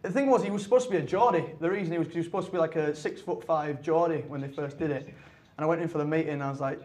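Young man, rapid and slightly high-pitched, laughing restarts. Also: darkish tone. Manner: quick, laughing banter with frequent restarts. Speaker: actor guest. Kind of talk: casual chat.

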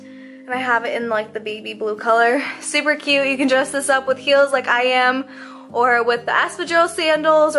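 A woman's voice: high voice, a bit bright. A young woman chatting casually in a clothing try-on vlog, bubbly and gushing, full of "like" and "um". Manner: bubbly, gushing, lots of fillers. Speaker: fashion vlogger. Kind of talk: try-on haul chat.

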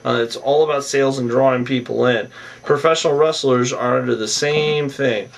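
A man's voice: medium pitch, fairly even intonation, normal speed, gravelly, distant mic. A man casually recapping a reality show episode in a rambling monologue, chuckling often and tacking filler phrases onto his sentences, with the occasional opinionated aside.

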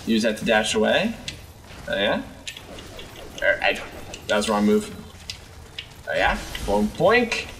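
A man's voice: slow pace, long pauses. Young guy doing goofy gameplay commentary, voice bouncing all over, kinda far from the mic with faint hum behind. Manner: jokey, talks to game characters, lively swings in pitch. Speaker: gaming video host. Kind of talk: let's play commentary.

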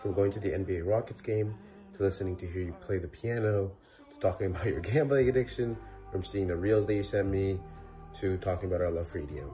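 A man's voice: sits low, quick pace, dark tone, faint music behind. A young man giving a sincere farewell to a friend, recalling shared times. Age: young adult. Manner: sincere, listing memories. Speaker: college friend. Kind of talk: farewell message.

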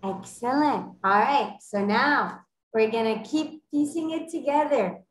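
A woman teaching an online French class to children, encouraging them and modeling phrases slowly and clearly over a video call. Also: a little high, roomy sound, rough recording.

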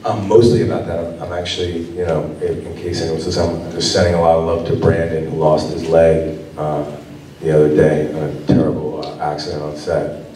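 A man's voice: very deep voice, level tone, brisk, warm tone, a little hiss or hum. A man on a convention panel as an actor guest, talking casually and rambling with lots of fillers and restarts. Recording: roomy hall sound from far off.

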